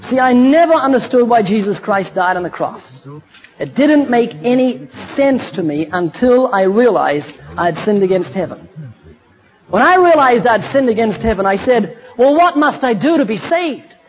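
Fervent high-voiced male preacher. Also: lively intonation, normal speed, lo-fi sound. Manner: fervent, rising to shouts on key points. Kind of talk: sermon.

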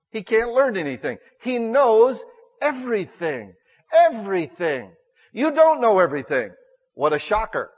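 A man's voice: high-pitched, long reverb tail. A middle-aged male pastor preaching a sermon in a church, folksy and jokey, acting out little quoted exchanges.

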